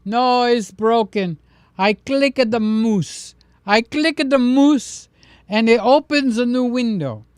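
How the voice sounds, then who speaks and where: A loud, high old priest with a heavy Greek accent stretches his words and frets over small troubles. A man acts him out in a live stream, his voice lifted well above his own. The sound is dry and close. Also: slow pace, clear, resonant tone, no echo. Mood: complaining. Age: older. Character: elderly male Greek priest, fussy and warm.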